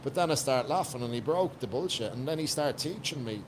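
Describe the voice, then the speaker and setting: Irish guy on a podcast, mid pitch, blunt and sweary, bit of faint noise behind. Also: lively intonation, a little fast. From Ireland. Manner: blunt, profane, emphatic. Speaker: podcast guest, coach. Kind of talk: casual podcast chat.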